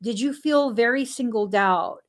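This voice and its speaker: A woman, a stay-at-home mom, telling anecdotes in casual talk, animated and laughing often, acting out the dialogue she quotes. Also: measured pace. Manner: acts out dialogue with sudden pitch jumps.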